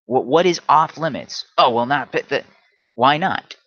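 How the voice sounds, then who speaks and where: A man's voice: medium pitch, animated, normal speed, bright, forceful tone, dry recording, highs cut off. A man hosting a solo livestream, ranting combatively and often stumbling into restarts. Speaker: livestream host.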